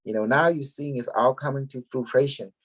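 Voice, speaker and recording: Man, rambling casual talk, repeats words a lot, mid pitch. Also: moderate pace, fairly bright tone. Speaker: group leader. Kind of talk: casual spiritual talk to followers.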